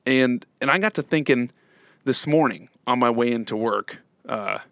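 Podcast host, man, slightly hoarse, halting and repetitive, average pitch, dead-dry recording. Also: a bit bright, no room sound. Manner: halting, repeats words and restarts. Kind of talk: casual live podcast monologue.

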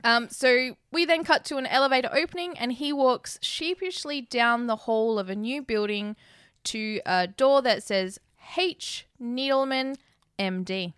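Woman podcast cohost, chatty film recap, does little voices for the characters, bright tone. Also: a little high, measured pace, clear, resonant tone, no room sound, studio quality. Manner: chatty, laughs often, acts out lines from the film. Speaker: podcast co-host. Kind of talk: casual film recap chat.

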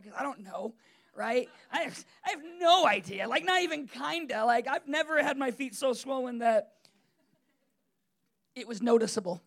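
A man's voice: extremely high pitch, normal speed, vocal fry. A man preaching a sermon in a conversational, emphatic way, with frequent fillers and restarts.

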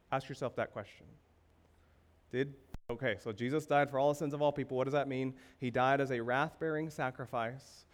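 A man's voice: medium pitch, steady tone, a little fast. A male pastor preaching a sermon, asking the congregation rhetorical questions with emphasis.

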